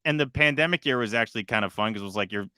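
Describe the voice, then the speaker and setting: A young man co-hosting a casual sports podcast, excitable and swinging between loud bursts and quieter asides. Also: mid-range voice, rapid-fire, clean tone, no echo, studio quality. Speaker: podcast co-host.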